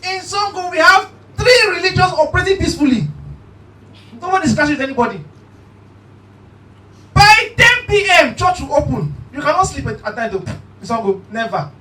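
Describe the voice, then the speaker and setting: A male stand-up comedian tells stories on a live comedy stage with a very lively pitch at a normal speed, animated and shouty, breaking into bursts of preaching. The echoey hall is picked up by a distant mic, with faint room noise.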